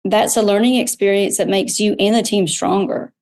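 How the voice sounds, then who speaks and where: Gravelly-voiced woman telling her story. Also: medium pitch, steady tone, normal speed, darkish tone. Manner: candid storytelling, frequent restarts. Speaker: guest, medical spa owner. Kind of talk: conversational interview.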